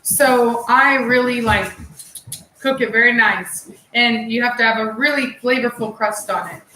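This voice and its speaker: A woman's voice: fairly high pitch, unhurried, sharp tone, reverberant, slight background noise, poor audio. A woman with a Texan accent hosting a casual cooking chat at home, playful and teasing. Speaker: cooking channel host, mother. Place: home kitchen.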